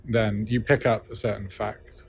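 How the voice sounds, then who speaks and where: Lowish male linguist at a conference, chatty explainer who keeps checking in. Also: level tone, measured pace, a little hiss or hum. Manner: explanatory, frequent "right?" checks. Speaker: linguist interviewee. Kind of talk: conference interview.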